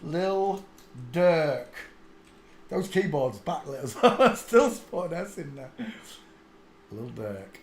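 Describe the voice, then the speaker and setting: A man's voice: on the high side, very animated, slow, pauses often, slight background noise. A man, rambling crudely through a casual live stream and mocking himself. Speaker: host. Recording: echoey room.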